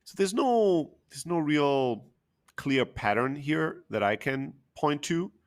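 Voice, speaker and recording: A man's voice: a little high, lively intonation, slow pace. A man telling an emotional personal story candidly, with frequent fillers and the odd swear word.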